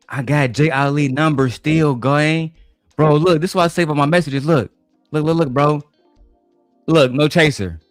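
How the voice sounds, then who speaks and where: A man streaming live, telling stories in a profane, boastful, animated way. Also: fairly high pitch, moderate pace, no echo, soft background music. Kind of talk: livestream rant.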